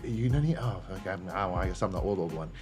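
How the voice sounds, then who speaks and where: A middle-aged man, a podcast host, telling animated, profane stories in a casual chat. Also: deep voice, very fast, faint music behind.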